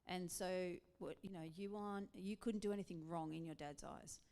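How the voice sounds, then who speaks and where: A woman with an Australian accent, a pastor's wife, chatting casually in a church interview, animated and laughing often. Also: fairly low pitch, normal speed.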